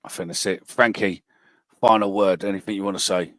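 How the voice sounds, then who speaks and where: A man's voice: sits low, fairly even intonation, fairly quick, fairly bright tone, no echo. A man hosting a casual football podcast, blunt and swearing freely. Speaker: podcast host.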